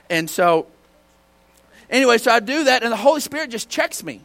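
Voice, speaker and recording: A male pastor preaches to his church, his voice sitting on the high side. He tells homespun stories in a loose, conversational way. Every so often he breaks into a sudden shout. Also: very animated, a little fast, gravelly, long pauses. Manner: folksy storytelling with bursts of shouting. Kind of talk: sermon.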